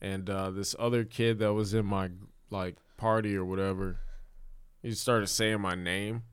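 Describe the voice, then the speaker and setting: Casting: Chicago guy, podcast co-host, swears easily, smooth voice, dry close mic. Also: fairly low pitch, measured pace, no room sound. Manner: profane, laid-back, animated when quoting himself. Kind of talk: casual comedic storytelling.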